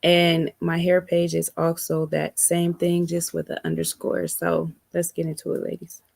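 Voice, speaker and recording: Guest: a friendly, chatty woman from Cleveland with a very gravelly, flat voice. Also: lowish voice, moderate pace, dry recording. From Cleveland, Ohio. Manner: friendly, chatty, calls others girl. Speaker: guest panelist, hairstylist. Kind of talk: casual panel chat.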